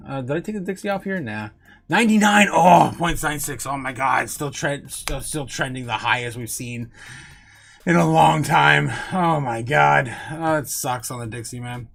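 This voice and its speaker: A young man hosting a crypto livestream, rambling, laughing, swearing and exclaiming loudly, a bit tipsy. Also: a little high, gravelly. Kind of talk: rambling live-stream chat.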